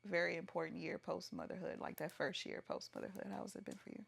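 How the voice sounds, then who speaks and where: A woman talking casually on a podcast in a relaxed, soft-spoken way that trails off. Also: fairly low pitch, fast, creaky, breathy edge. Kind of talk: casual chat.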